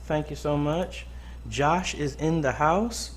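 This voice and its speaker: Laid-back, slow-talking man hosting a live Q&A. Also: fairly high pitch, slight background noise. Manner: laid-back, greets viewers by name, frequent ums. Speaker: live stream host. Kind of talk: casual live-stream Q&A chat. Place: home studio desk. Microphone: boom-arm mic close up.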